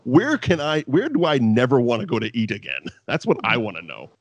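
A man's voice: mid-range voice, big pitch swings, a little fast, vocal fry, breathy edge, dull audio. A man co-hosting a podcast, recapping wrestling in casual, profane chat and laughing often. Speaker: podcast co-host.

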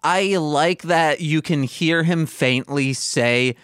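A man co-hosting a podcast with a somewhat high voice, talking casually. He tells stories in a chatty way and acts out the people he quotes. The mic sound is close and dry, with no room echo. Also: steady tone, a little slow, hardly any pauses, fairly bright tone, clean tone. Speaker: podcast co-host. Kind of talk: casual chat.

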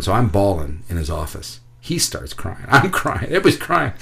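Deep gravelly man telling a halting testimony. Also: very animated, a bit bright. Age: middle-aged. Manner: halting, repeats words, voice cracks with feeling. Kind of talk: emotional personal testimony.

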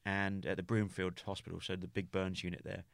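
A man from the United Kingdom, a podcast guest, recounting a personal story in a halting way, full of restarts and "you know" fillers. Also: low voice, flat delivery, vocal fry, no room sound, clean studio sound.

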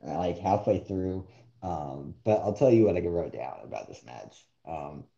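Low, dark-voiced man, blunt and dismissive. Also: animated, a little slow, gravelly. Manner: blunt, dismissive, laughs often. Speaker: co-host. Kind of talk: casual podcast chat. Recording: echoey dull-sounding room.

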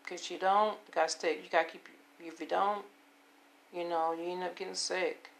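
A woman in her fifties with a hoarse voice, rambling and repeating herself as she talks to her viewers about taking care of herself. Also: on the low side, fairly even intonation, moderate pace, slight background noise. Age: 50s. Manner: rambling, repetitive, self-affirming. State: hoarse, voice giving out. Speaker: vlogger. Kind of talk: casual personal monologue.

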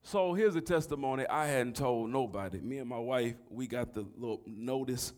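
A middle-aged man, preaching a sermon that swings from soft storytelling to shouting. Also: mid-range voice, normal speed. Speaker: pastor.

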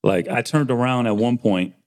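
A man's voice: medium pitch, normal speed, a little mellow. A man telling a barbershop story in casual chat, acting out the dialogue and swearing freely. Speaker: barber and podcast host.

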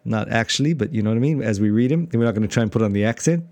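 A man's voice: mid-range voice, lively intonation, racing, darkish tone, no echo. A man with a South African accent co-hosting a casual podcast chat about church history, rambling with many restarts and frequent laughter. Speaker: podcast co-host.

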